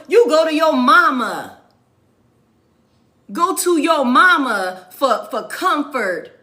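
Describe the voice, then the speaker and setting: A woman gives a casual tarot reading. She talks slowly, swears freely and hammers her points home by repeating them. Her voice sits a little high. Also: bright, forceful tone. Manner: profane, emphatic, repeats phrases. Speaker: tarot reader.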